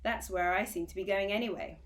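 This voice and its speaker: Kobieta grająca znudzonego, ciekawskiego chłopca. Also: female voice, medium pitch, fairly quick, lightly acted. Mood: curious. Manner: questioning, apologetic. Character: young boy, curious and bored.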